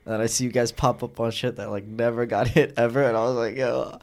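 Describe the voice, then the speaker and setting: A man's voice: mid-range voice, little pitch movement, a little fast, darkish tone. A man co-hosting a casual chat, asking loose, rambling questions full of fillers. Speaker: podcast co-host.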